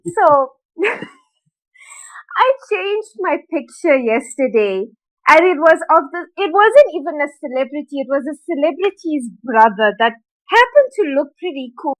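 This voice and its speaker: A woman co-hosting a casual podcast, telling an animated family story and acting out her relatives. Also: high-pitched, moderate pace, rough recording. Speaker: podcast co-host.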